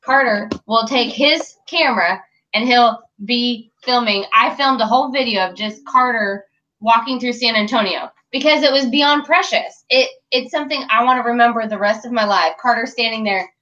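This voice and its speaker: A woman's voice: fairly high pitch, moderate pace, pushed and bright. Doting woman guest on a muffled call. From Texas. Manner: affectionate, doting. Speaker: interview guest, mother. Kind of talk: casual interview conversation. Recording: dull lo-fi call audio.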